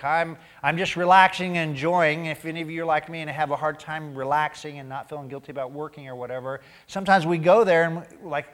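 A man preaching a sermon as pastor, animated, acting out quoted voices and dropping to a near-whisper for emphasis. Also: fairly high pitch. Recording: long hall reverb.

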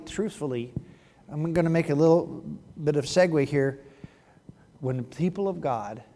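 A man's voice: on the high side, warm tone. A male pastor preaching a sermon in a conversational way, with joking asides to the congregation. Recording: long hall reverb.

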